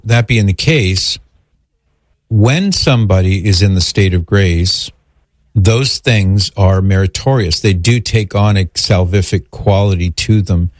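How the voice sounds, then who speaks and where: A man's voice: low-pitched, no room sound, studio quality. A man hosting a call-in religious Q&A, answering a caller's question in an earnest, explanatory way and citing scripture.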